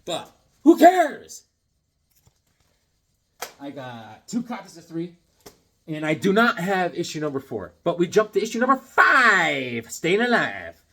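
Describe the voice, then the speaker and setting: A man in a casual vlog, excitedly showing off his comic collection with rambling, self-deprecating asides. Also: on the high side, moderate pace. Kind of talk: casual show-and-tell vlog.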